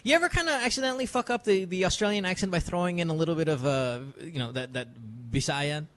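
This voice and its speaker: A man hosting a podcast in casual chat, animated and profane, laughing often. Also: high-pitched, quick pace. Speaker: podcast host.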